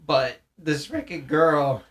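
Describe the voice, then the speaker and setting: This podcast co-host is a young man whose voice runs on the high side, animated and fairly bright, and he takes things slowly. In a casual chat he tells rambling, profane stories from school, performing other people's lines as he goes.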